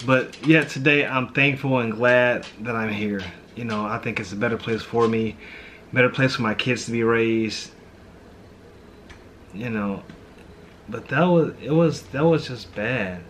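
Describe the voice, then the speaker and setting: A man who grew up in St. Louis talks in a casual, heartfelt way as a pastor hosting a vlog. His voice sits at an ordinary middle pitch, and he keeps dropping in "man" and "you know". A faint hiss runs underneath. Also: measured pace, pauses often, fairly bright tone. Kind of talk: casual reflective chat.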